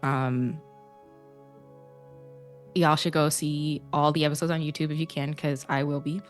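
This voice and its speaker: Low-voiced woman, slow and halting, almost crying, lots of ums. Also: little pitch movement, soft background music. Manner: hesitant, many ums, halting. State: close to tears. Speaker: player. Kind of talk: emotional outro chat.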